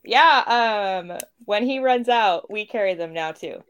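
A woman's voice: mid-range voice, lively intonation, a little slow, fairly bright tone, clear, resonant tone. A woman co-hosting a casual chat, talkative and laughing often. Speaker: podcast co-host.

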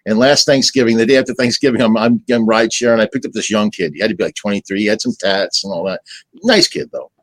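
A man's voice: fairly low pitch, fast talker, no echo, rough recording. An older man, a retired sportscaster, telling self-deprecating stories in casual chat, repeating words as he starts sentences. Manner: self-deprecating storyteller, stammers repeated words, does voices in anecdotes.

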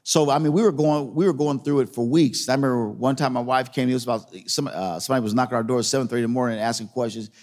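A man's voice: medium pitch, steady tone, rapid-fire, few pauses, darkish tone, in a large hall. A man preaching a sermon as a pastor, telling a story in a conversational way and repeating phrases for emphasis.

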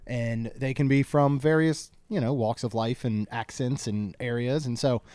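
A man's voice: medium pitch, fairly even intonation, normal speed, a little mellow, no room sound. A man co-hosting a casual podcast, trading dry, joking banter. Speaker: podcast co-host. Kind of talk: casual chat.

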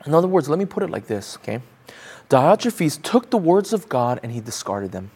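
A man's voice: on the high side, very animated, a little fast, a little mellow, slightly rough. A man preaching a sermon as pastor, emphatic, repeating phrases and asking the congregation pointed rhetorical questions.

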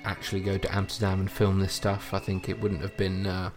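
A man co-hosting a podcast, chatting in a relaxed, appreciative way about a sitcom. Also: low-pitched, fairly quick, over music. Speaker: podcast co-host reviewing a sitcom. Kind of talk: casual chat.

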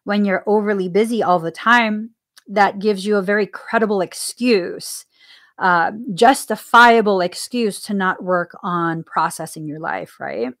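Slow-talking spiritual podcast woman. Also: medium pitch, a bit bright. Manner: earnest, musing, laughs often, asks herself questions. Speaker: podcast host. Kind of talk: reflective spiritual talk.

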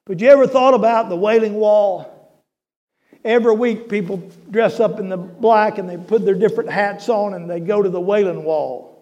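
A middle-aged male pastor preaching a sermon in a folksy storytelling way, building to emphatic shouts. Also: sits high, normal speed, dull audio.

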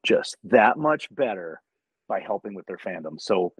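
Deep husky man telling earnest stories. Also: big pitch swings, a little slow, no echo, poor audio. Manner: earnest storyteller who acts out conversations. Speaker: convention talent manager. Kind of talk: casual podcast chat.

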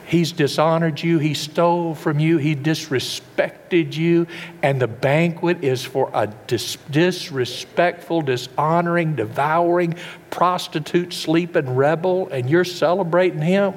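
A man delivers a sermon at an unhurried pace, his mid-pitched voice echoing with long reverb through a large hall above a faint hum. He poses question after question to his listeners and frequently stumbles, restarting words mid-phrase.

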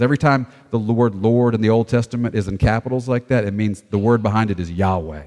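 A pastor delivering a sermon, preaching emphatically with rhetorical questions and slowing down to read scripture aloud. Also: male voice, lowish voice, darkish tone, in a large hall.

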